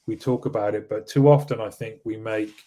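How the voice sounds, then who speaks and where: A man's voice: fairly low pitch, steady tone, fairly quick, warm tone. A man hosting a weekly live show, chatting casually and rambling, with frequent restarts and fillers. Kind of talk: casual live-stream talk, reading viewer comments.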